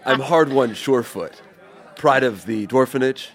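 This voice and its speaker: A man's voice: mid-range voice, measured pace. A man playing a boastful dwarf hero. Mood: swaggering. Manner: swaggering, pompous. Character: boastful broad-shouldered male dwarf hero.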